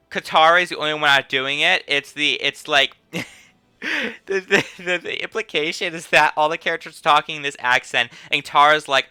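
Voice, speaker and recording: A man's voice: medium pitch, normal speed, bright, forceful tone, smooth, no echo. A young man streaming a game, laughing, swearing and joking as he plays. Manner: laughs a lot, swears, jokey. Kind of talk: casual gameplay commentary. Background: game music.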